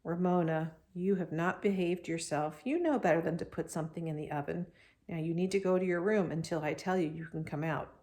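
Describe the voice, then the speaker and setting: A woman voicing a tired, patient mother who speaks calmly and firmly. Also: on the low side, fairly quick, lightly acted. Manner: calm, firm, tired.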